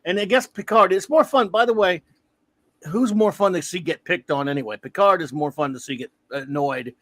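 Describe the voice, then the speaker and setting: A middle-aged man chatting loosely as a show's host, slightly higher-pitched than most men. He rambles, backs up to fix his words and chuckles along the way. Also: normal speed, fairly bright tone. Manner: rambling, self-correcting, chuckles often. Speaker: podcast host. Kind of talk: casual review chat.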